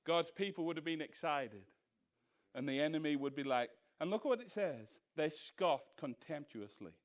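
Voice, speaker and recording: Animated preaching man. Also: a little high, moderate pace. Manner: animated, rhetorical questions, mimics voices. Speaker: pastor. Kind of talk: Bible study teaching. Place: church.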